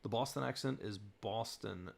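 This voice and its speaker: Young male streamer, low and gravelly, casual rambling chat host from southern Virginia. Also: moderate pace. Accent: General American with slight Southern Virginia tinge. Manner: rambling, many fillers, reads chat aloud. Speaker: YouTube host answering live chat.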